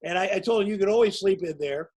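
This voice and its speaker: A man in his sixties with a notably high voice spins loose, rambling anecdotes as a guest. He tells them casually and pokes fun at himself as he goes. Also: fast talker, darkish tone, poor audio. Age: 60s. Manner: rambling, anecdotal, self-mocking. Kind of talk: casual storytelling.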